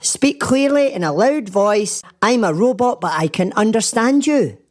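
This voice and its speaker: A man's voice: high-pitched, expressive, measured pace, pitched above the performer's own voice. A Scottish man voicing a prim automated phone robot, speaking in a stiff, over-enunciated way.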